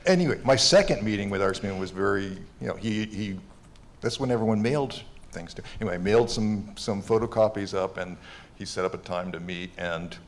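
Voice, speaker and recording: A man with a fairly low voice reminisces on a convention stage, stumbling and restarting his sentences as he goes. He speaks casually, as a comics artist recalling his early years. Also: fairly quick. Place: convention stage before an audience.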